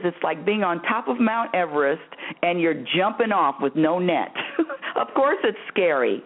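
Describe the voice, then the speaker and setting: A woman's voice: lowish voice, big pitch swings, normal speed. A woman hosting a spiritual advice call-in radio show, talking emphatically and repeating herself, calling the caller honey and dear, often laughing. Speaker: radio host answering callers. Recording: narrow phone-like radio audio.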